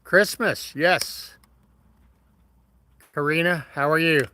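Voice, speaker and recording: A man's voice: fairly high pitch, slow, pushed and bright, low-quality recording. A man hosting a casual live stream, greeting viewers by name in a folksy, friendly way. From Midwest of the United States. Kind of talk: casual live stream chat reading comments.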